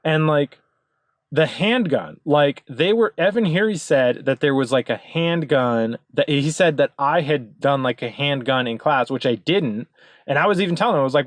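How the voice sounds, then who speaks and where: A man's voice: fairly high pitch, lively intonation, moderate pace, no room sound. Man ranting, profane and rambling, dry sound. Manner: rambling, profane, insistent, with many fillers. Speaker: video commentator. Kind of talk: ranting commentary over card images.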